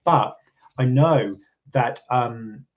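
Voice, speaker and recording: A man's voice: mid-range voice, drawn-out words, highs cut off, slight background noise. A man from England hosting a casual live stream, rambling with lots of ums and restarts and chuckling often. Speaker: channel host. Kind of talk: casual live-stream chat reading viewer comments.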